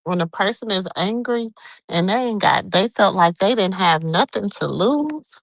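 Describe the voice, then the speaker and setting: Middle-aged woman co-host, chatty storyteller, lively swooping pitch, dry close sound. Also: moderate pace, creaky, dry recording. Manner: animated storyteller, acts out quotes. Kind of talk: casual late-night chat.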